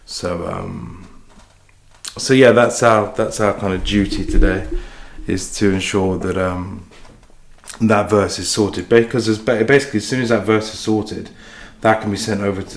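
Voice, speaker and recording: A musician vlogger with a lowish voice chats at a moderate pace and fairly even intonation while cooking in his echoey kitchen, with faint clatter and slight background noise. His rambling about his day is chatty, self-deprecating, and full of swearing.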